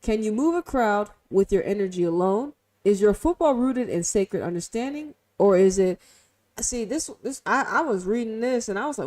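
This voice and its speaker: A woman streamer in casual, profane commentary who fires off rhetorical questions and swings from loud to hushed. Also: medium pitch, expressive, measured pace.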